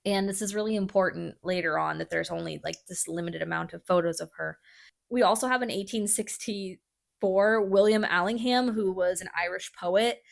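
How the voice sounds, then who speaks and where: This is a woman hosting a podcast, walking a friend through a history story in casual chat. She swears freely and leans on fillers. Her pitch sits in the middle. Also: moderate pace, vocal fry.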